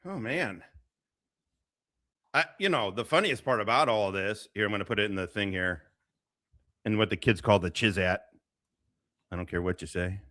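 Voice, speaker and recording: A man's voice: on the low side, normal speed, pauses often. A man hosting a casual reaction stream, cursing freely and laughing often as he comments on clips. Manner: profane, laughs often, animated.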